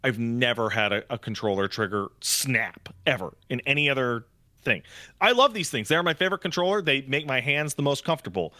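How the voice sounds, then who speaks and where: A man's voice: medium pitch, lively intonation, fairly quick, pushed and bright, dry recording, clean studio sound. A man co-hosting a casual podcast, talking bluntly and emphatically with plenty of swearing. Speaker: podcast co-host.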